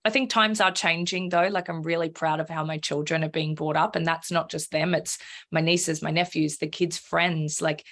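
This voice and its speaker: Woman guest, frank and lively, swears, somewhat low voice. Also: normal speed. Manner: frank, animated, swears freely, acts out her own inner voice. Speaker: podcast guest. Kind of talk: candid conversational interview.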